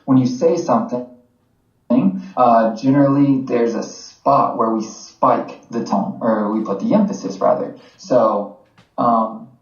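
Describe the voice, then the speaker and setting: A man from the United States co-hosting a podcast. He explains in a relaxed, chatty way with plenty of fillers, at a mid pitch. The recording is a little dull and roomy. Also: unhurried. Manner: relaxed, conversational teaching with fillers. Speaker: podcast co-host. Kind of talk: casual explanatory chat.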